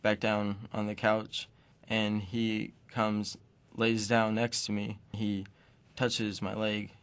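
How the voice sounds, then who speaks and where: A man quietly recounting a personal experience in pausing, fragmented phrases. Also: fairly low pitch, monotone, clean tone. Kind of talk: personal testimony.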